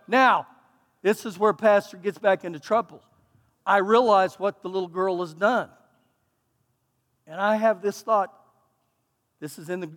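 A man with a Texan accent, a pastor preaching a sermon in an animated, folksy, self-mocking storytelling way, recorded in a church sanctuary. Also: very high voice. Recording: long hall reverb.

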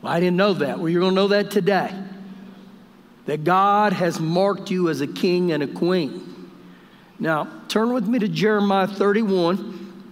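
A pastor preaching a live Sunday sermon in a church, jovial and speaking straight to the congregation. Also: male voice, high voice, measured pace, pauses often. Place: church sanctuary during service. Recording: long church reverb.

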